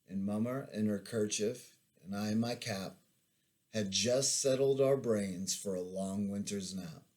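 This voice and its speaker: A man in his forties reads from his own memoir, taking his time over each line. His voice sits low, and the pace is slow and measured like a storyteller's. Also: darkish tone. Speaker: veteran author reading his memoir. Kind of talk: memoir reading.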